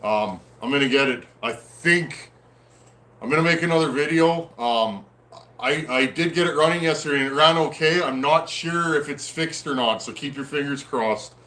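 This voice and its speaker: A man's voice: a little high, pushed and bright. Easygoing man chatting on a livestream. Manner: friendly and easygoing, frequent "um" and "uh" pauses. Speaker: host of a livestream on chainsaw repair. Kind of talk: casual live chat, reading viewer comments aloud. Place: at home in a snowy area.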